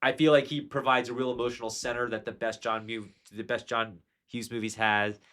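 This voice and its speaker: A man's voice: mid-range voice, little pitch movement, fairly quick, pushed and bright. A man hosting a podcast, talking through a favorite film in a casual, enthusiastic and rambling way, with fillers and restarts. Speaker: podcast host.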